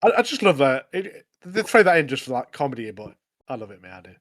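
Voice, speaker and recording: A man's voice: mid-range voice, sing-song, fast, a bit bright. A young man co-hosting a podcast, retelling scenes in a rambling, laughing casual chat. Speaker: podcast co-host.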